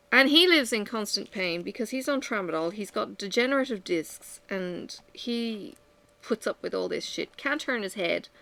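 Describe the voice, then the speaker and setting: Female vlogger, bright voice, unfiltered venting chat at home. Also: medium pitch, gravelly. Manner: candid, venting, sighing. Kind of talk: casual chat while crafting.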